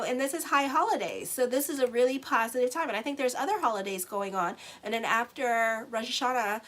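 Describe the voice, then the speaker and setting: A woman's voice: a little high, fairly bright tone, rough recording. A woman astrologer giving a casual monthly tarot reading, talking bluntly and sassily straight to her viewers. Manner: blunt, sassy, talks straight to viewers with y'all and okay.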